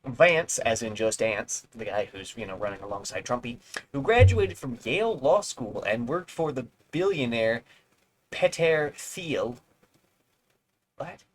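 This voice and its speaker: A man streaming from home, reading an article aloud at an ordinary pitch. He breaks off into sarcastic, rambling asides and curses. He stumbles over harder words, and a faint hiss sits under his voice. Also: sing-song, measured pace, rough recording.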